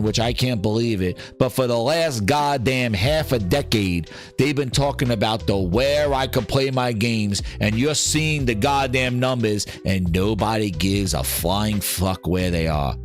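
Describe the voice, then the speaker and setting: Profane ranting gaming podcast host, man. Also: medium pitch. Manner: profane, heated, sarcastic.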